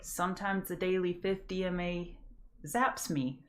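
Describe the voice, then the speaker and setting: A woman with a Louisiana Southern accent and a fairly low voice hosts a live pre-market trading show. She is chatty and folksy, greets viewers by name, and slows down to pronounce each word carefully. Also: steady tone, a bit bright. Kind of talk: casual live-stream market commentary.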